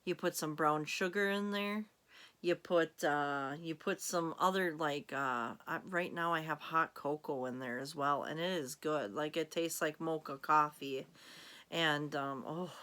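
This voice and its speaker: A woman talks casually to her camera in a rambling, giggly way. Her voice sits a little low but sounds bright and clear. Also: a little slow. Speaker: vlogger.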